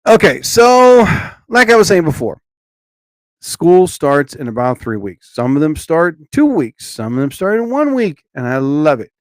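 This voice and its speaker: A man chats on his live stream in a loose, rambling way, greeting viewers by name as he goes. His voice sits a little high. The sound is dry and close, with no room echo. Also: big pitch swings, normal speed. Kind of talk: casual live-stream chat.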